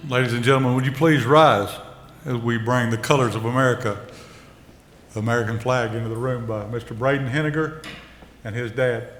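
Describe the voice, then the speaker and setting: A man's voice: medium pitch, fairly even intonation, a little fast, fairly bright tone, slight background noise. Folksy man emceeing in a reverberant hall. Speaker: ceremony emcee. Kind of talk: addressing a banquet audience.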